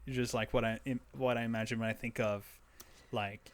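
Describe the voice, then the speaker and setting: Young male co-host, smooth resonant voice, loose rambling podcast chat. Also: mid-range voice, level tone, a little fast. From Quebec. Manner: rambling, lots of filler and restarts. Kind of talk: casual chat.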